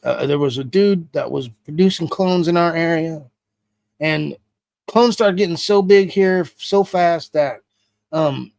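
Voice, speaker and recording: A man's voice: fairly high pitch, a little slow, gravelly, no room sound. A man being interviewed, telling a story casually with heavy swearing. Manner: profane, animated retelling with heavy swearing. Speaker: interview guest.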